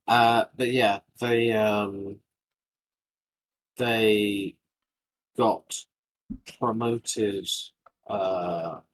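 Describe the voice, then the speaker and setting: A man chats on a podcast in a slow, hesitant way, stopping often to find his words. His voice sits fairly low and sounds husky. He often stalls and restarts his sentences. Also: poor audio. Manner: halting, full of filler sounds and restarts. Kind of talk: casual chat.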